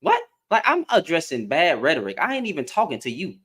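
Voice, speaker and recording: A man's voice: high-pitched, wildly swooping pitch, brisk, fairly bright tone, breathy edge. A man hosting a livestream, ranting in heated, emphatic commentary, repeating and restarting his words. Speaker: livestream host.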